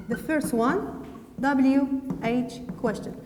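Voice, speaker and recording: A woman with a Moroccan accent teaching English grammar to a class. She talks slowly and deliberately, repeats words and slips into French now and then. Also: fairly high pitch, lively intonation, a little mellow, long reverb tail.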